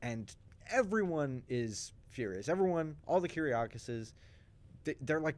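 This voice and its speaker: A man in casual chat, recapping soap opera plot twists for a stream with animated storytelling, frequent restarts and asides. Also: fairly high pitch. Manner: acts out characters' lines in quick voices.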